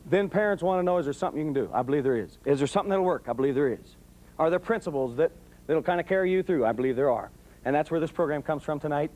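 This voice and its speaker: A quick-talking middle-aged man with a raised, high-set voice lectures parents the way a preacher works a crowd. He hammers phrases again and again, tells homespun stories, and breaks into yells when he acts out his anecdotes. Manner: emphatic, repetitive preacher-like cadence; folksy storytelling, bursts of yelling when acting out anecdotes. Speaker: police sergeant speaking to parents. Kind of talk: motivational talk to parents.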